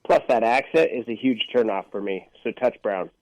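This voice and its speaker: A man reviewing movies in relaxed talk, close to the mic in a dry room. He reads out plot summaries, then cracks dry jokes about the film. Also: lowish voice, normal speed, no room sound, rough recording. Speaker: podcast co-host. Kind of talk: casual movie review chat.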